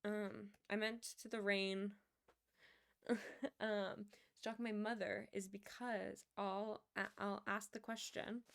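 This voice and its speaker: Young woman streamer rambling along, laughs at herself a lot, middle pitch. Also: flat delivery, takes it slowly, vocal fry. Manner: rambling, self-amused storytelling with frequent laughs. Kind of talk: casual stream chat.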